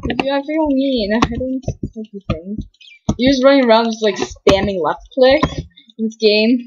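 A woman's voice: fairly high pitch, normal speed, darkish tone, husky, lo-fi sound. A woman doing let's-play commentary, mocking herself and talking herself through the game on a built-in computer mic. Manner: self-deprecating, talks herself through play. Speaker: gaming video creator.

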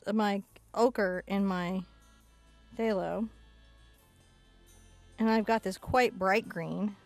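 A woman teaching a casual step-by-step acrylic painting lesson in a chatty, playful way, narrating her brushwork as she goes. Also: medium pitch. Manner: chatty, playful, talks to herself while painting.

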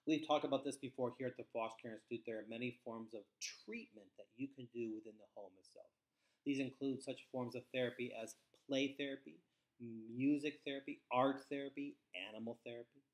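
A middle-aged man giving a scripted training webinar for foster care staff, speaking in a measured, emphatic way with falling sentence endings. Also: medium pitch, fairly even intonation.

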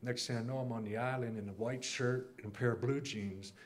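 A man with an average-pitched voice tells a class about a vivid dream. He narrates it as a story, voices the people in it as he goes, and often stops to clear his throat. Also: fairly even intonation, brisk. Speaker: class member sharing a dream. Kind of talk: recounting a dream.

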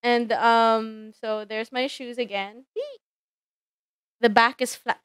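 A woman's voice: on the high side, fairly even intonation, slow, a bit bright, clear, resonant tone, dry recording, studio quality. A young woman streaming as a virtual avatar, chatting casually with viewers in a giggly, teasing and playfully indignant way. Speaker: VTuber streamer. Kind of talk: casual live-stream chat.

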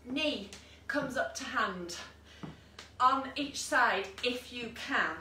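A woman fitness instructor with a high, bright voice leads an online workout, counting down and cheering people on. She is recorded from a distance in an echoey room at home. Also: lively intonation, takes it slowly, slight background noise. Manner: encouraging cues and countdowns with asides. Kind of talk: online exercise class instruction. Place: room at home, with a dog nearby.

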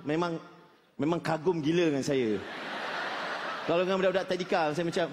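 A Malaysian stand-up comedian with a high-pitched voice, chuckling and stumbling through fillers. His voice rings in a long hall reverb. Faint noise sits underneath. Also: fast, pauses often, darkish tone. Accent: Malaysian English. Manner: mixes Malay and English, hesitant fillers, chuckling.

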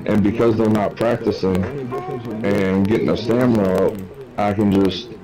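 A man's voice: on the low side, normal speed, music in the background, rough recording. Profane young man telling a story. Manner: profane, animated retelling with quoted dialogue. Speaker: streamer. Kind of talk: casual storytelling chat.

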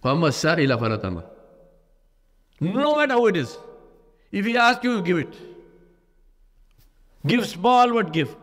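A man giving a sermon as an imam in a mosque, telling a story with lively pitch shifts and repeated phrases. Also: rapid-fire, pauses often. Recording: long hall reverb.

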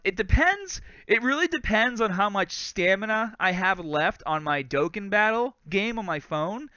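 A man with a light Boston accent hosts a live fitness Q&A, talking fast and casual and tossing in "bro" and "guys". His voice is bright and crisp, a touch higher than most men's. The sound is dry and a little dull. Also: no echo. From Lawrence, Massachusetts. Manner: chatty, laughs often, says "bro" and "guys". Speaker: fitness host. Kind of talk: live stream Q&A, casual chat.

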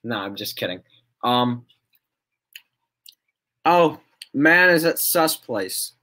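A man's voice: medium pitch, lively intonation, slow, bright, forceful tone. A young man chatting casually on a livestream, rambling, laughing often and reacting to chat.

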